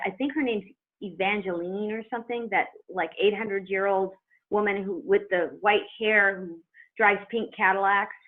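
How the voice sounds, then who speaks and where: A middle-aged woman, a former wrestler, telling her story as a guest in an animated, chatty way with laughs. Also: medium pitch. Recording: tinny phone line.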